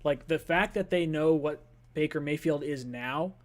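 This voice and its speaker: Man, call-in show host, casual sports talk, loose filler-heavy delivery, slightly raised pitch. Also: moderate pace.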